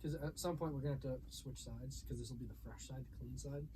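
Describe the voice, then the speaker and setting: A young man co-hosting a podcast in a basement studio, chatting casually with quick, teasing remarks. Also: medium pitch, steady tone, crowd noise. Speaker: podcast co-host. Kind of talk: casual chat. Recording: noisy home recording.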